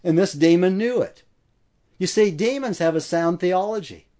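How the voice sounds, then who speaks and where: Emphatic preacher man, a bit high. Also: moderate pace, warm tone. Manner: emphatic, builds with repeated phrases. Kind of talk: expository sermon.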